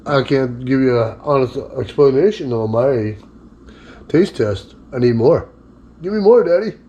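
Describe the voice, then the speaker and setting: A man's voice: mid-range voice, animated, unhurried, dark tone, highs cut off, lightly acted. A man putting on a voice for his pet dog, a greedy male dog whining and pleading for more food. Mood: whiny begging. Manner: pleading, whiny.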